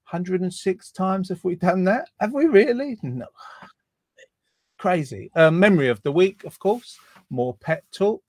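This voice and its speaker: A man's voice: high voice, unhurried, no room sound, studio quality. A man hosting a casual online chat show over a video call, playful and rambling, teasing his guests. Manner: playful, rambling, self-mocking. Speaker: host.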